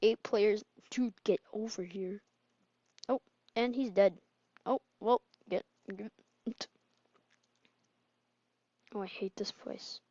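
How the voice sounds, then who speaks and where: A woman giving casual gameplay commentary, excitable and quick to laugh and yell. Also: medium pitch, no room sound, dull audio. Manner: excitable, laughs and yells at wins and deaths. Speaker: gamer.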